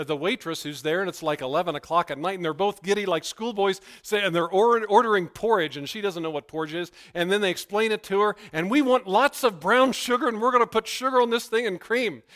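A man preaching as pastor, who prays softly and then tells stories with animated, emphatic bursts. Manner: animated storytelling, rising to loud emphatic bursts; hushed, low prayerful delivery. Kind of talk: sermon with opening prayer.

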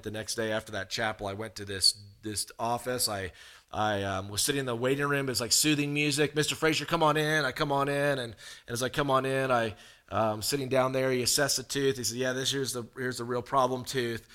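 A man's voice: medium pitch, steady tone, a little fast, pushed and bright. A man preaching a sermon, telling a long personal story with humor and animation.

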